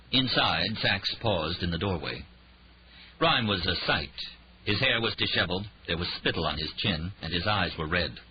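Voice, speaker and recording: A man narrating an audiobook thriller in a dramatic, expressive reading. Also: sits low, a little hiss or hum. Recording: dull lo-fi audiobook recording.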